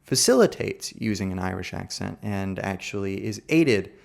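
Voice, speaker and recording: An American man giving a literary lecture, explaining in a thoughtful, measured way. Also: low-pitched, expressive, creaky.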